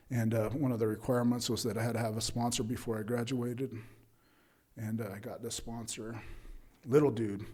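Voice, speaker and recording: A man's voice: mid-range voice, dark tone. A man speaking at a recovery meeting, telling his own story in a loose conversational way, full of "right?" and fillers and acting out what others said. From Utah, USA. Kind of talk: personal recovery testimony.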